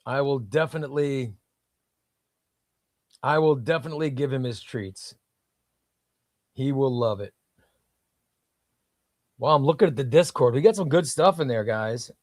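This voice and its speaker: A man's voice: mid-range voice, measured pace, long pauses, a little mellow, dry recording, clean studio sound. A man hosting a casual comics livestream, reading viewer comments in an enthusiastic, rambling way.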